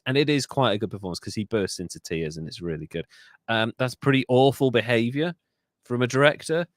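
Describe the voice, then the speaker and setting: A man's voice: medium pitch, fairly quick, no echo, clean studio sound. A man co-hosting a comedic history podcast, telling stories in casual chat, swearing freely and slipping into mock voices. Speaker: podcast co-host.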